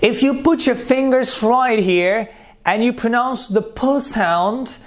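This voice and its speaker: A man's voice: very high voice, slow. A man teaching pronunciation, repeating terms and sounding out consonants one by one. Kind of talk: slow spoken lesson.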